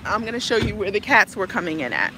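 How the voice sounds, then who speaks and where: A woman's voice: medium pitch, very animated, quick pace, noisy background. A stressed woman in her thirties, a tenant filming a complaint on her phone, talking emphatically and repeating herself in frustration. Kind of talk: ranting to camera.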